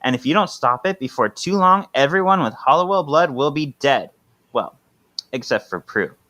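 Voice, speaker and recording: A man's voice: mid-range voice, animated, normal speed, pushed and bright. A man co-hosting a podcast, reading comic book dialogue aloud in a playful, sassy way and laughing often. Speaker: podcast co-host.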